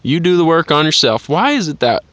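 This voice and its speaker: A man putting on a brash, fast-flowing accented voice, loud and bossy. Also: a little high, expressive, smooth, dry recording, voice pushed up.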